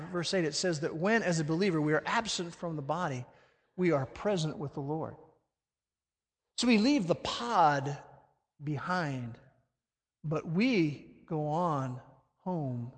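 A man preaching a sermon with animated delivery, swinging between loud emphatic peaks and hushed, low phrases. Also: a little slow, long pauses, big-room sound. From Alabama. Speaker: pastor.

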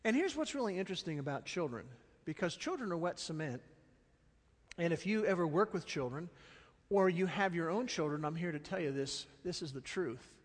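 A middle-aged man preaching a sermon, animated and storytelling, dropping to soft, slow stresses. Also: fairly high pitch. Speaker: pastor. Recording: long reverb of a large hall.

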